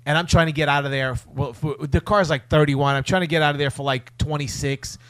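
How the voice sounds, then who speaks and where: A high, bright-voiced man cohosting a loose, crude podcast. He spins long anecdotes with lively impressions of people, talking fast and loose. His voice sits well above most men's and has a bright ring to it. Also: no room sound. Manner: animated storyteller, mimics voices. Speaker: podcast co-host. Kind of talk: casual crude banter.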